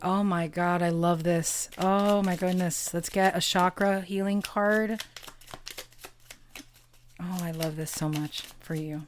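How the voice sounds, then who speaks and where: A woman giving an intimate pick-a-card tarot reading, slow and earnest, affirming her listeners and drawing out key words. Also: lowish voice, steady tone, a little hiss or hum. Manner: gets emotional and laughs softly at times; occasional swearing and casual fillers.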